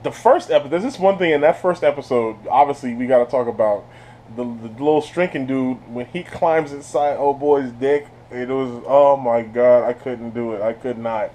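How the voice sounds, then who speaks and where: A man giving a casual spoiler review of a TV series. He laughs often, talks in slang and sounds animated. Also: mid-range voice, normal speed, a little hiss or hum. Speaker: TV show reviewer.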